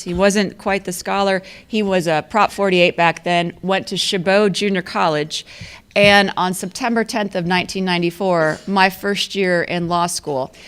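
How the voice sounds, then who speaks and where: A woman in her fifties with a mid-range, slightly bright, clean voice gives a storytelling club luncheon speech. She works as an athletic director and keeps things conversational, often laughing at herself in a self-deprecating way.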